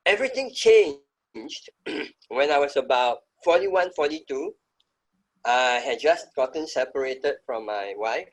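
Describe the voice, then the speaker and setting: A man's voice: medium pitch, animated, measured pace, poor audio. A middle-aged man speaking as an interview guest, telling his story in an emphatic, reflective way. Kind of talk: conversational interview.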